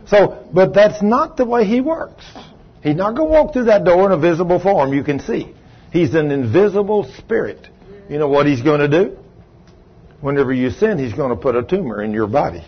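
A man, a pastor preaching a sermon, telling a story in a low voice and then rising loud and emphatic. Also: big pitch swings, fairly quick, slightly rough, highs cut off. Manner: swings from low quiet telling to loud raised retelling. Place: church sanctuary.

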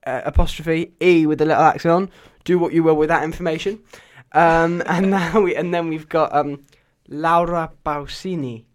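A man's voice: fairly high pitch, fairly even intonation, fairly quick, few pauses. A man hosting a breakfast radio show, chatting casually with co-hosts and laughing easily. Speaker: radio host.

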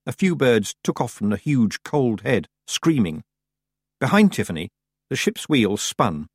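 A man narrating an audiobook in an expressive, measured storytelling manner. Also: medium pitch, slightly rough, dry recording, clean studio sound. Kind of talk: scripted narration.

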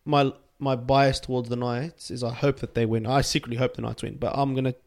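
A young Australian man co-hosting a sports podcast, excitable and full of slang. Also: mid-range voice, brisk, creaky. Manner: excitable, slangy, calls people bro. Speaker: podcast co-host. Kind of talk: casual sports chat.

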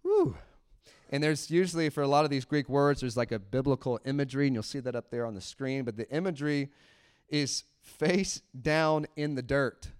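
A man preaching a sermon in church, animated, laughing often and acting out little quotes. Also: medium pitch, fast talker, clear, resonant tone. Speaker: pastor.

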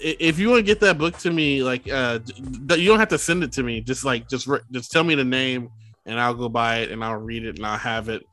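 A man's voice: mid-range voice, brisk, pushed and bright, soft background music. A man co-hosting a casual book podcast who rambles, restarts his sentences and laughs a lot. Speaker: podcast co-host. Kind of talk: casual chat.

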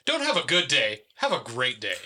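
A man co-hosting a casual podcast, telling animated stories with laughter and swearing. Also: medium pitch, moderate pace. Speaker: podcast co-host.

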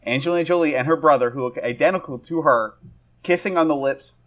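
A man's voice: on the high side, fast talker, a bit bright. A young man co-hosting a podcast, eagerly telling a gossipy story in casual chat. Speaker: podcast co-host.

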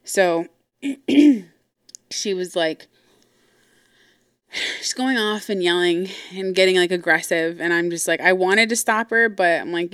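A woman's voice: lowish voice, a little slow, pauses often, fairly bright tone, clear, resonant tone, no echo, studio quality. A woman hosting a podcast, telling a family story in a candid, casual way, swearing freely and acting out what others said. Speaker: podcast host.

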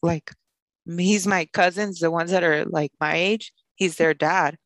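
Animated woman telling a personal story. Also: fairly low pitch, unhurried, no room sound. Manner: animated, fills speech with "like", acts out quoted voices. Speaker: podcast co-host.

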